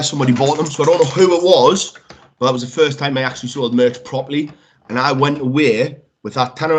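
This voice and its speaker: A man, a wrestler, chatting casually as a podcast guest, telling lively stories that he acts out and peppering them with swearing. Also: mid-range voice. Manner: lively storyteller, swears freely, acts out quotes.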